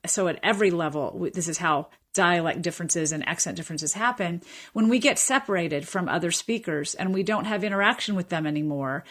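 A woman's voice: lowish voice, fairly bright tone. Woman linguist explaining patiently. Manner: measured, explanatory, with many restarts and fillers. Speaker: linguistics professor. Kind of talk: expert explanation in a radio interview.

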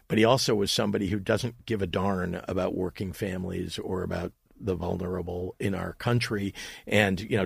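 Middle-aged man, state governor in an interview, gravelly, husky, emphatic, dry close sound. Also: lowish voice, no room sound. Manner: emphatic, repeats words when restarting. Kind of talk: political interview answers.

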